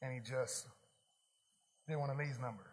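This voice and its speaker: A man preaching and telling a story of his own, swinging from hushed quoted lines to loud shouts. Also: medium pitch, moderate pace, big-room sound. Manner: animated testimony, whispering quotes then shouting. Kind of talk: storytelling sermon.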